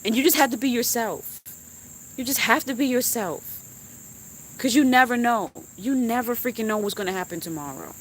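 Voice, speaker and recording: Young woman on a live stream, venting from the heart, animated. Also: a little high, normal speed, a little hiss or hum. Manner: heartfelt and animated, swearing and laughing. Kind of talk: emotional casual chat.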